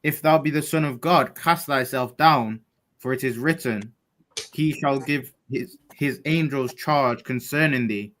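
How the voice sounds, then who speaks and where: A man reading scripture aloud, slow and deliberate. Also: mid-range voice, a bit bright. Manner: slow, deliberate, reading old-style verses. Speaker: scripture reader.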